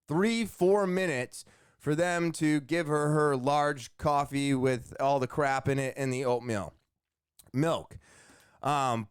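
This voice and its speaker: A man's voice: a little high, no room sound, clean studio sound. A young man hosting a solo podcast, telling a casual story with jokes and filler words. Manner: rambling, joking, many fillers and asides. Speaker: podcast host.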